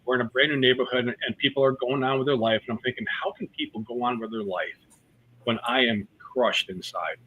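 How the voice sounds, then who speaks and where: A comedian telling personal stories in a casual interview, mixing jokes and fillers. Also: male voice, mid-range voice, steady tone, fairly quick, husky, narrow, tinny audio. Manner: storytelling with jokes and many fillers. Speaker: comedian guest.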